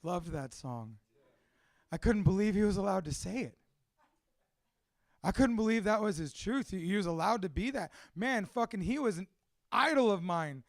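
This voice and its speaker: A man's voice: high-pitched, animated, moderate pace, long pauses, dry recording, studio quality. A man from a Cuban family, a father of two, telling his life story in a candid, profane, emotional monologue. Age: adult with two children.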